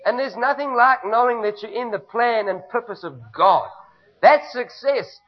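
High-voiced South African preacher. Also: male voice, normal speed. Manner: emphatic, repetitive preaching with call-and-response. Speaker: pastor. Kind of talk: sermon. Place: church. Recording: dull lo-fi recording.

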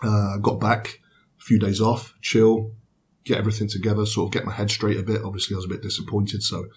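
Bodybuilder guy chatting loose and rambly, kinda low voice. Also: flat delivery, a little fast, slight background noise. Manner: laid-back, rambling recap with fillers. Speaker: bodybuilder guest. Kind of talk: casual podcast chat.

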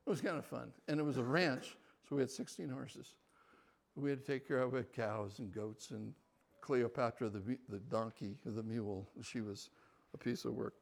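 An older man giving a personal storytelling talk as a guest speaker, lively and shifting between quiet asides and loud animated bursts. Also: medium pitch, normal speed, creaky.

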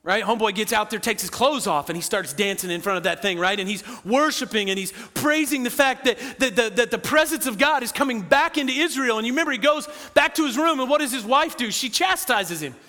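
A man preaching a sermon to his congregation, animated and full of quick asides to the listeners, recorded in a church sanctuary. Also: very high-pitched, in a large hall. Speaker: pastor.

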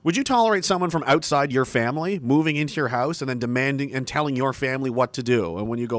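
A man's voice: mid-range voice, quick pace, few pauses, no room sound. A middle-aged Canadian man delivering a combative, profane, mocking monologue. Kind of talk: ranting monologue.

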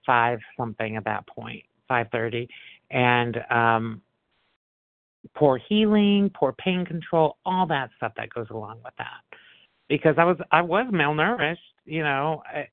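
A man's voice: mid-range voice, dry recording. Candid man sharing over a tinny phone line. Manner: candid and self-mocking, with wry laughs. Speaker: member sharing his story. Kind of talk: recovery meeting share. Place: phone call meeting.

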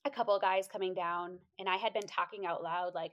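A woman telling a motivational story in a casual, animated way, quoting herself in high voices and laughing often. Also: fast, muffled recording. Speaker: inspirational speaker.

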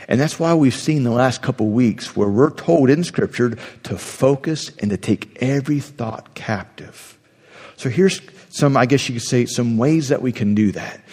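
A man, a pastor, preaching a sermon in a conversational, lively way, acting out inner voices as he goes. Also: mid-range voice, breathy edge, long reverb tail.

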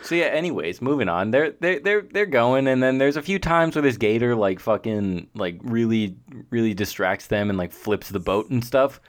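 A man's voice: medium pitch, animated, normal speed, few pauses. A young man co-hosting a podcast, laid-back and blunt, swearing freely as he chats. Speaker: podcast co-host. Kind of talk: casual chat.

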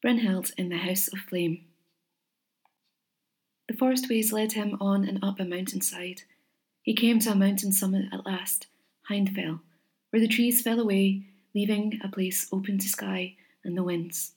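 Female storybook narrator, measured and gentle, mid-pitched voice. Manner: measured, gentle reading with expressive pauses.

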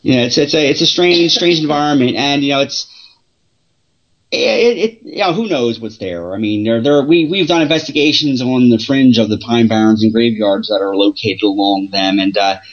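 Halting man telling investigation stories. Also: mid-range voice, muffled recording. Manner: halting, many restarts and fillers. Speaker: paranormal investigator guest. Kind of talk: casual interview storytelling.

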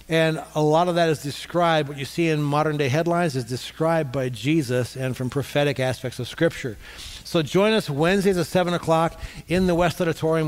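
A man preaching a sermon as pastor, repeating key points for emphasis with occasional fillers. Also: a little high. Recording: long hall reverb.

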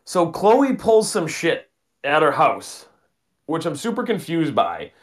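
Chatty man with a slightly high voice. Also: huge pitch swings, slow pace. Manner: chatty, laughs often, reads from notes. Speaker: podcast co-host. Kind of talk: casual movie review chat.

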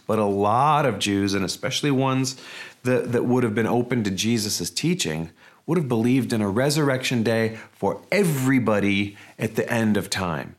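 A man's voice: fairly low pitch, lively intonation, moderate pace. A man, a pastor, preaching a sermon in a conversational, emphatic way with rhetorical questions.

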